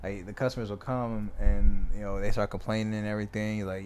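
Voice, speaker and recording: A man telling a story in casual chat, swearing freely and acting out the quotes loudly. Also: on the low side, fast, a little hiss or hum. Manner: animated, swears a lot, acts out quotes loudly.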